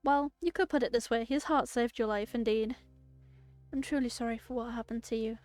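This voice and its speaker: A woman voicing a calm, kindly hospital doctor in a game, reading the lines gently and reassuringly. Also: a little high, fairly quick, soft background music, natural voice.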